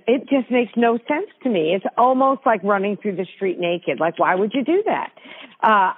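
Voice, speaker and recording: A woman hosting a radio chat, asking questions and reacting chattily to her guest. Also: mid-range voice. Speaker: radio host. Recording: tinny phone-like radio sound.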